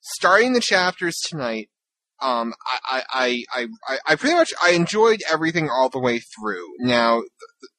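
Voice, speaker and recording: A woman hosting a podcast in casual chat, chatty and quick to laugh. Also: rumbling low, no echo, rough recording. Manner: laughs often, lively and chatty. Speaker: podcast host.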